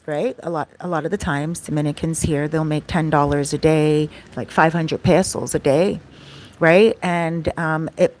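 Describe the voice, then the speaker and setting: A chatty woman vlogger tells a story in a relaxed, casual way. Her voice sits a little low, and she keeps checking in with her viewers as she talks. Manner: chatty, often asks "right?" and says "like".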